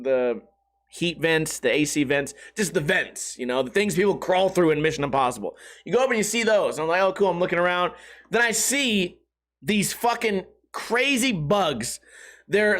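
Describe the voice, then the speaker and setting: Podcast host, male, high-pitched, profane and self-deprecating, loose rambling delivery. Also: fairly bright tone. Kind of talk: casual podcast monologue.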